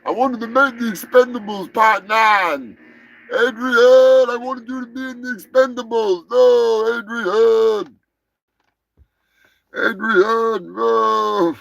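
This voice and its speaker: A man's voice: very high voice, fairly even intonation, slow, creaky, a bit bright, no room sound, voice pushed up, heavily acted, low-quality recording. A man doing a wailing punch-drunk boxer. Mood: wailing grief. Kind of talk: comic impression.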